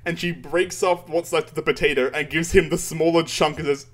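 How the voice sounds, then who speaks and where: A man chatting casually, retelling a story in an animated way with frequent laughter and swearing. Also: fairly high pitch, fairly quick, few pauses. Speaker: podcast co-host. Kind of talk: casual chat retelling a manga chapter.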